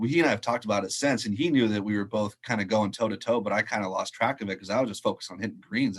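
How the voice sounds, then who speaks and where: A man with a fairly low voice tells a story in a relaxed, chatty way. He is a golf professional talking on a video call, and he acts out the quotes with lively energy and frequent laughter. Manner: animated storyteller acting out quotes, laughs often. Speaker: head golf professional, podcast guest. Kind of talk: casual storytelling in an interview.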